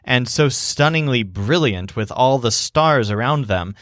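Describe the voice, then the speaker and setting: Calm man narrating a language lesson. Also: mid-range voice, a little slow, dry recording, studio quality. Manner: calm, clear, pronounces Spanish words carefully. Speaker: language teacher. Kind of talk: scripted storytelling narration.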